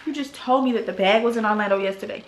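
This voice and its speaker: A young woman vlogger telling a storytime in an animated, exasperated way, full of casual slang. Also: fairly high pitch, fast. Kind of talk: storytime vlog. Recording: roomy echo.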